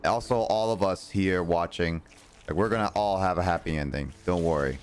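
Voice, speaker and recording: A man's voice: sits low, moderate pace, slight background noise. A man chatting casually with his viewers while playing a game on a livestream, rambling and reacting as he goes. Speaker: streamer. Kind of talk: casual gameplay livestream chat.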